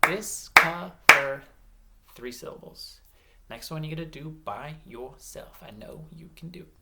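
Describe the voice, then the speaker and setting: A man's voice: on the high side, moderate pace, vocal fry, very noisy. A male teacher leading an early-grade reading lesson for children, spelling words out letter by letter and chanting rhymes as he claps out syllables.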